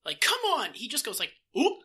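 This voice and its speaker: A man co-hosting a podcast in casual chat, animated and swearing, slipping into mock voices. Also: high-pitched, normal speed. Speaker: podcast co-host.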